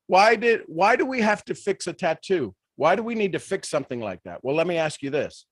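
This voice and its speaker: A man giving a motivational leadership talk on a live stream, animated, full of rhetorical questions and restarts. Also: high-pitched, fairly quick, dry recording. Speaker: leadership speaker.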